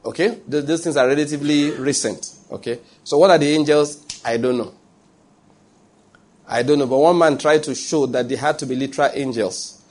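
A man's voice: on the high side, darkish tone. Man preaching a Bible teaching. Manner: unhurried, asks the listeners questions, reads scripture aloud. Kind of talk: sermon with scripture reading.

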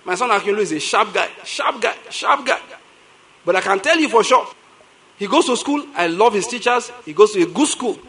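A middle-aged Nigerian man with a Nigerian English accent, a pastor preaching a sermon in an animated storytelling way, repeating lines for emphasis. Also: high-pitched, quick pace, rough recording.

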